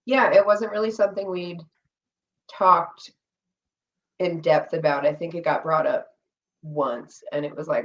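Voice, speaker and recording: A woman's voice: lowish voice, moderate pace. A young woman, a reality show guest, talking candidly and acting out what people said, with frequent swearing. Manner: candid, animated storytelling with quoted asides and swearing. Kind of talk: casual chat. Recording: slightly distant, dull lo-fi audio.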